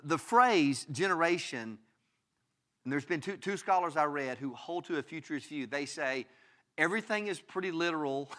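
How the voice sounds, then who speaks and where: Emphatic pastor with a bright voice. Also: male voice, on the high side. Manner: emphatic, with frequent restarts and rhetorical questions. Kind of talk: sermon. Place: church.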